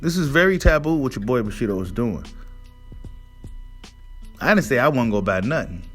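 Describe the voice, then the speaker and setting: Over faint music, a man hosting a boxing monologue rants heatedly and profanely, again and again asking his listeners "right?" His mid-range voice is fairly quick and fairly bright, with lively intonation; it's a casual rant.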